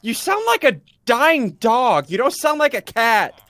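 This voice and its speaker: A man's voice: very high voice, very animated, a little slow, fairly bright tone, dry recording. A man co-hosting a casual gaming video, teasing his partner in a mock-exasperated way. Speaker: co-host.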